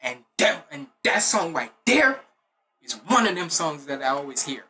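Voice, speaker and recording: A man with Jamaican roots talks straight into his reaction video in a bright, forceful voice. He is blunt and opinionated and drifts into swearing rants. His delivery stays casual and unscripted. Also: on the high side, big pitch swings, normal speed, faint music behind. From Jamaican heritage. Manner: blunt, ranting, swears freely. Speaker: music reaction host.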